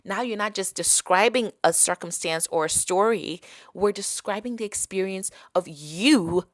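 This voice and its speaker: This is a woman with an African accent coaching her podcast listeners through a practice. Her voice sits at a middle pitch and sounds dry and close, with no room around it. She coaxes and keeps checking in that her listeners are following. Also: measured pace, no echo. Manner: coaxing, keeps checking in with "okay?" and "right?". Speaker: podcast host. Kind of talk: motivational teaching talk.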